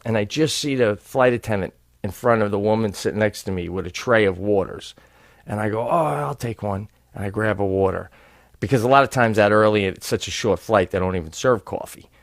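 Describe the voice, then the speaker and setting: Animated middle-aged man telling stories. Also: on the low side, fairly quick, no room sound, studio quality. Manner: animated storyteller, casual swearing. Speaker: podcast co-host. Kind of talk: casual comedic chat.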